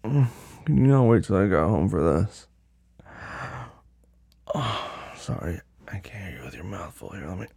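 Gravelly, very husky commanding man. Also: low-pitched, expressive, unhurried, long pauses, warm tone, no room sound, studio quality. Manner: commanding and teasing; drops to a whisper at times. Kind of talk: dominant audio role-play.

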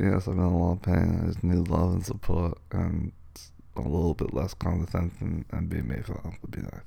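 A man's voice: deep voice, vocal fry, dark tone, husky. A man in a boyfriend role-play monologue, complaining with slurred, mumbling speech because his mouth is numb and swollen after dental work. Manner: whiny, complaining. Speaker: boyfriend talking to partner.

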